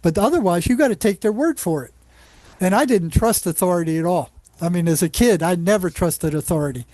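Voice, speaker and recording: High-voiced man telling lively stories. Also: a little fast, dry recording. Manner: animated anecdotes with frequent restarts. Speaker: psychologist on a psychiatric unit. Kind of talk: casual storytelling in an interview.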